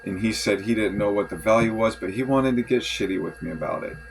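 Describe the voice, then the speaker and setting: A man's voice: fairly low pitch, fast, vocal fry, slight background noise, low-quality recording. A man venting in a rambling, frustrated journal monologue, swearing often and restarting his sentences. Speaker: vlogger.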